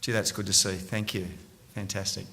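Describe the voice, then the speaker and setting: A man's voice: sits low, flat delivery, moderate pace, vocal fry, pushed and bright, a little hiss or hum. A middle-aged Australian man giving a conference talk, upbeat and drawing the audience in with questions. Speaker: conference speaker. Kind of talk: conference presentation. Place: large conference room. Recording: reverberant hall.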